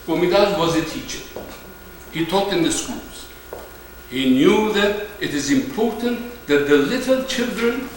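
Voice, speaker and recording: A man in his seventies with an Armenian accent, giving a live lecture with slow, deliberate phrasing and hesitations. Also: high-pitched, fairly bright tone, a little hiss or hum. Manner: slow, deliberate delivery with fillers, sometimes sings phrases. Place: large lecture hall. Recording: echoey hall, mic far off.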